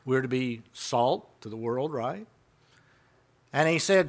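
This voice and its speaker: A man's voice: mid-range voice, expressive, takes it slowly, long pauses. A man preaching a sermon in a conversational way, retelling conversations and asking the congregation rhetorical questions.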